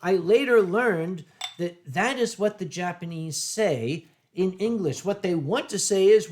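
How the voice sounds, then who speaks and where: Wry middle-aged man telling stories. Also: high-pitched. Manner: anecdotal, wry, drawn-out punchlines. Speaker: streamer host. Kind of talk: casual storytelling chat.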